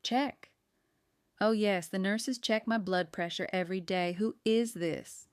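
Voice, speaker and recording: A woman's voice: mid-range voice, measured pace, darkish tone, clear, resonant tone, no echo, studio quality, lightly acted. A woman voicing a cranky, confused old aunt. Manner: querulous, rambling, cackling. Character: cranky confused elderly aunt in a care home.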